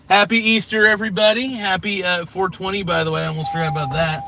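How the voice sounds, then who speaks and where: A man vlogging live from the driver's seat, rambling and cracking crude jokes with plenty of swearing. His voice is bright and a little tense, sitting somewhat high for a man. It is picked up by a camera mounted in the car, with a faint hiss behind him. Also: steady tone, quick pace, creaky, few pauses. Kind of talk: casual live-stream vlog while driving. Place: inside a car.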